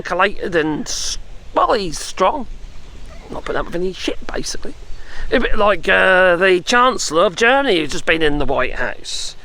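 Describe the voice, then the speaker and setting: A man's voice: sits high, pushed and bright. A man giving a rambling, sarcastic opinion vlog, full of chuckles and tag questions. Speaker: political commentator.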